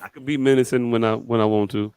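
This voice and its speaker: A man co-hosting a podcast, telling stories in casual chat with lots of swearing and sudden high-pitched quoted voices. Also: quick pace, clean tone, no echo. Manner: animated storytelling, swearing, jumps to high voices when quoting people. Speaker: podcast co-host.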